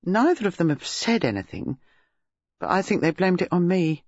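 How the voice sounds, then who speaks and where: A flustered, self-pitying young woman pleads her case in a plaintive voice that keeps rising in pitch, as a woman reader puts her on. The voice has a husky edge, and the audio is dry and slightly lo-fi. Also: big pitch swings, moderate pace, darkish tone, no echo, heavily acted.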